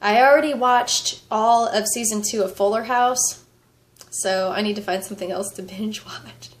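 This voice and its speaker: A woman's voice: medium pitch, normal speed. A woman vlogger with a fever, chatting casually and rambling, with frequent laughter. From United States. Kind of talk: casual vlog chat.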